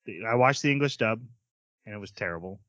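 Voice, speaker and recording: A man's voice: on the low side, animated, fast talker, pushed and bright, dry recording. Man, podcast host, rambling chat, dry close sound. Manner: rambling, self-interrupting, laughs often. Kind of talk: casual chat.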